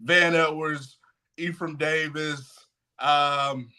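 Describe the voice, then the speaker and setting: A man's voice: fairly high pitch, fairly even intonation, bright, forceful tone, clear, resonant tone. A man hosting a sports podcast, joking and hyping up his co-hosts. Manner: hype, joking, drawn-out emphasis. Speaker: podcast host. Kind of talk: lively sports podcast chat.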